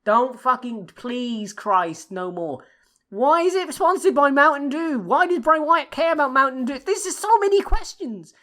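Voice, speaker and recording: A woman's voice: high voice, unhurried, bright, forceful tone. Uk woman ranting on a podcast, swears a lot, exasperated, voice swings all over. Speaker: podcast co-host. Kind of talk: ranting casual chat.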